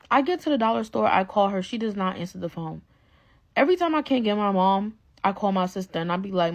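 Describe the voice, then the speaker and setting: A young woman with a mid-range voice tells a casual story-time. She is animated and exasperated as she talks. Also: mid-range voice, fast talker.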